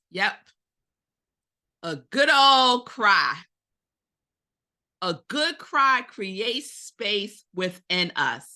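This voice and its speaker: Animated woman minister preaching. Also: medium pitch. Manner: animated storytelling, addresses congregation directly. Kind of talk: Sunday sermon. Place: spiritual center service.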